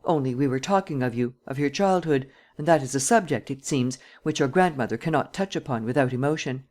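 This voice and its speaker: A woman reading an audiobook and voicing a male master criminal who speaks calmly, deliberately and with total self-assurance. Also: rumbling low. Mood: smooth.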